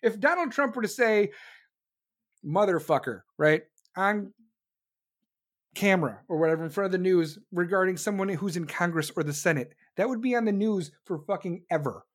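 A man's voice: high-pitched, animated, moderate pace. A man delivering a profane, sarcastic political rant as commentator. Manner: angry, sarcastic, mocking.

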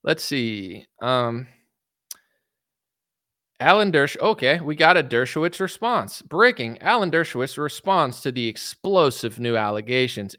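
A man's voice: mid-range voice, animated, moderate pace, bright, forceful tone, dry recording, clean studio sound. A man giving a blunt, sarcastic political commentary rant, mocking and casual.

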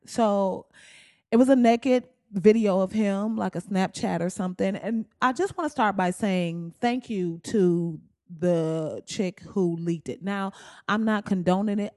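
Woman podcast host, comedic and profane, dry close-mic sound. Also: dry recording. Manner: blunt, profane and animated, with swings into high exclaiming.

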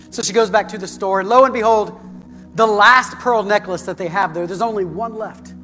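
A man's voice: high-pitched, moderate pace, pushed and bright, in a large hall, faint music behind. A male pastor telling a story in a sermon, building to fervent emphasis.

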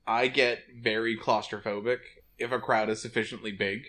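A man's voice: fairly low pitch, fairly even intonation, moderate pace, sharp tone. A man co-hosting a comedy podcast, talking in a rambling, self-deprecating way and laughing often. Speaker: podcast co-host. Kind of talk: casual comedy chat.

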